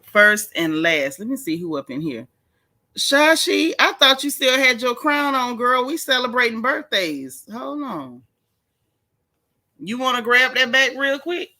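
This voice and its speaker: With a high, bright, forceful voice that swings widely in pitch, a gossip livestream host greets her audience. She's talkative, names individual viewers, and draws out phrases over and over during the casual chat.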